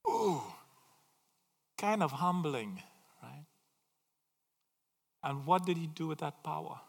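Animated preacher man in a reverberant hall. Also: on the high side, takes it slowly, creaky, breathy edge. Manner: animated, swings from loud emphasis to quiet asides. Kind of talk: sermon.

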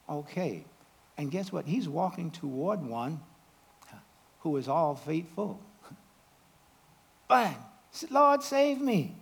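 Animated preacher man, swinging loud and soft. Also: medium pitch, husky. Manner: dramatic swings between loud exclamations and hushed asides; asks the congregation questions. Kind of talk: sermon.

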